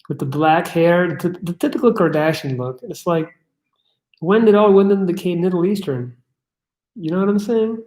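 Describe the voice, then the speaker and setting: A man's voice: fairly high pitch, a little mellow. Blunt, echoey livestream host, man. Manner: blunt, swears, reads chat aloud and riffs. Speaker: livestream host answering chat questions. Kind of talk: casual livestream chat. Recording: echoey room.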